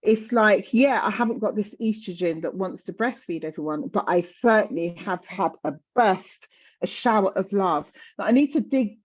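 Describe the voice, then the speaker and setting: A woman's voice: mid-range voice, darkish tone, dull audio. A woman in her fifties talking candidly in conversation, passionate and emphatic, often repeating words for stress. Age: 50s.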